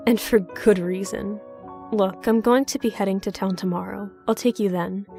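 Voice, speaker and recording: A gruff older southern recluse voiced by a woman with a Southern accent. He talks in a curt, stern, ominous way at a mid pitch. Faint music plays under the storybook reading. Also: steady tone, moderate pace, mellow, lightly acted. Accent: American Southern.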